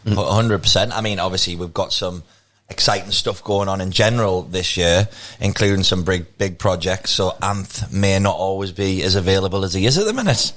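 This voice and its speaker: A man's voice: deep voice, fairly quick, fairly bright tone. A young man, co-hosting a podcast in casual chat, rambling and laughing easily. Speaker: podcast co-host. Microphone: podcast studio mic.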